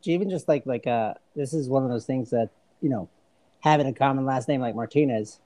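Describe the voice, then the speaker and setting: Mid-pitched man with a mellow voice, halting chat. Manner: halting, filler-heavy. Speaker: podcast co-host. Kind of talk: casual chat.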